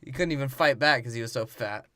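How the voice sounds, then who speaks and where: A man's voice: medium pitch, fast, sharp tone, dry recording, clean studio sound. A man co-hosting a comedy movie podcast, trading crude jokes and mock character quotes. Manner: laughs along, quotes characters in mock voices. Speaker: podcast co-host.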